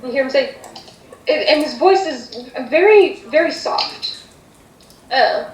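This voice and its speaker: A woman running a tabletop game, narrating scenes with a hesitant, searching delivery. Her voice is high. The room sounds echoey and she sits away from the mic, with faint noise behind. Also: lively intonation, a little slow, far from the mic. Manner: hesitant, full of fillers and restarts. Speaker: game master.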